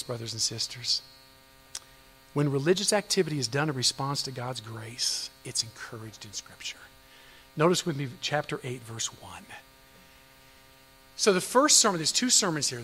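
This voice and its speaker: A man preaching a sermon as pastor, firing off rhetorical questions and swinging between loud emphasis and hushed, low passages. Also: big-room sound, rough recording.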